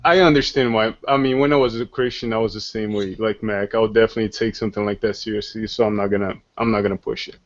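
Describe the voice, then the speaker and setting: A man's voice: fairly low pitch, steady tone, fast, hardly any pauses. A man chatting casually in a group voice chat, teasing and making crude jokes. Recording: dull lo-fi online voice chat.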